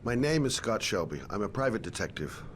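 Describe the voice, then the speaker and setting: Scott Shelby, weary private eye. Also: male voice, lowish voice, sing-song, fairly quick, a little hiss or hum. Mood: questioning. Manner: terse, clipped inner thoughts. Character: weary male private detective, persistent. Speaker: game character. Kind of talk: video game voice acting.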